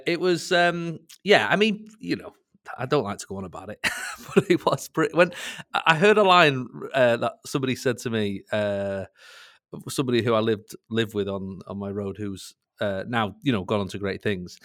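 A man's voice: mid-range voice, animated, moderate pace, a bit bright, dry recording, clean studio sound. A man with a Mancunian accent, a comedian guest chatting in an interview, self-mocking and laughing between lines. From Manchester, England. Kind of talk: casual interview chat.

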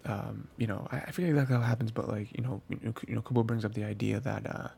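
Low gravelly dude, kinda husky and mellow, rambling anime recap with lots of ums. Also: male voice, steady tone, very fast. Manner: rambling, many fillers and restarts, acts out characters' thoughts. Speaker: anime podcast host. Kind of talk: casual weekly anime recap.

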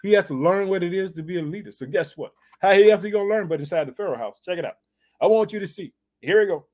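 A man's voice: sits high, quick pace, a little mellow. A man reading scripture aloud and breaking off to preach on it, fervently prodding his listeners with rhetorical questions. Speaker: bible teacher.

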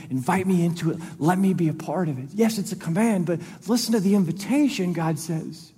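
A man's voice: high-pitched, lively intonation, brisk, few pauses, mellow, husky. A male pastor preaching a sermon in an earnest, conversational way, repeating phrases for emphasis. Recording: long reverb of a large hall.

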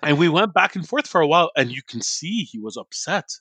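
A man's voice: on the high side, a little fast, breathy edge, dry recording. A man from an Iraqi family co-hosting a podcast, telling a story in casual chat and acting out the voices of the people in it. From Iraqi family, grew up abroad. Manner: animated, acts out voices in his story. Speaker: podcast co-host.

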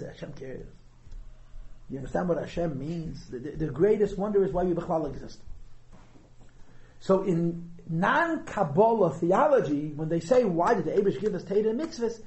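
High-voiced man teaching a Chassidus class. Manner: thinks aloud, hedges and restarts often; lively, stresses key words. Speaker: Torah teacher. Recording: echoey room.

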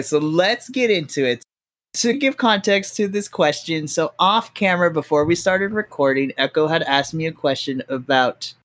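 A man's voice: on the high side, a bit bright. A man hosting a casual chat as game master, explaining at length with many fillers. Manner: chatty, explains with lots of fillers.

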